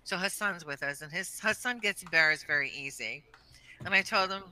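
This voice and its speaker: Bright, blunt woman telling stories. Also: fairly low pitch, fairly quick, a little hiss or hum, poor audio. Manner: blunt, swearing, laughing storyteller. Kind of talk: casual chat.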